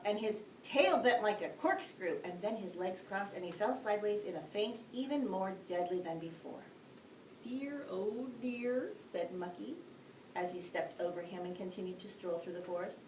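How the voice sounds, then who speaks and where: A woman teacher reading a bedtime story aloud, expressive, with friendly asides to young listeners. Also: medium pitch. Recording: echoey room, distant mic, faint hiss.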